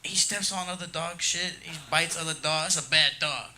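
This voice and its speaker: A man's voice: fairly high pitch, moderate pace, sharp tone, slight background noise. Brash male stand-up comic on a club stage. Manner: brash, crowd-baiting, tags jokes with "dog" and "you know what I mean". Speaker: stand-up comedian. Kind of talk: crude stand-up set.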